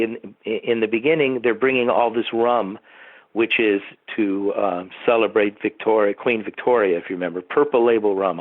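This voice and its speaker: A man, a TV producer being interviewed, rambling through behind-the-scenes anecdotes with asides to the host. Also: lowish voice. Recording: tinny phone-like line.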